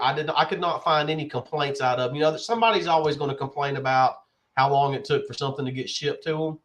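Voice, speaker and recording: A man co-hosting a podcast over a video call, congested from a sinus infection, talking in a relaxed, rambling way. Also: on the high side. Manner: relaxed, rambling, filler-heavy. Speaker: podcast co-host. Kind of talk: casual chat.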